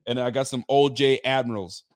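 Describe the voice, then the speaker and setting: A man's voice: medium pitch, steady tone, a little fast, no room sound, clean studio sound. A man hosting a casual live sports stream, talking loose, laughing, streetwise banter with lots of slang. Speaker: sports channel host. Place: room at home with a bar behind.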